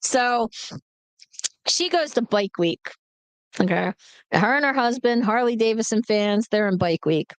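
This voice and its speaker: Blunt, animated woman in her forties, storytelling to a live chat, smooth voice, dry close sound. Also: fairly high pitch, a little slow, pauses often, no echo. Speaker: livestream host.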